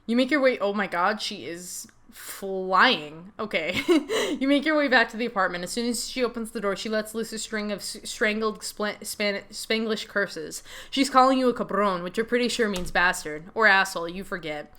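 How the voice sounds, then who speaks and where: A woman's voice: mid-range voice, moderate pace, few pauses, bright, forceful tone. A woman reading a story game aloud as a streamer, with chatty, laughing asides.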